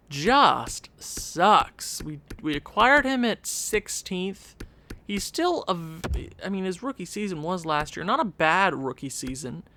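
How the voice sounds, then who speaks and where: A man's voice: sits high, pushed and bright. A man giving casual, rambling commentary while he plays a video game, correcting himself as he goes. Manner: rambling, chatty, self-interrupting. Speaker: gaming channel host.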